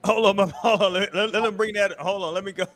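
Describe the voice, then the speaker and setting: A man's voice: high voice, fairly even intonation, quick pace, fairly bright tone. A man hosting a podcast, laid-back and slangy, laughing often. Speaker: podcast host. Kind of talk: casual chat.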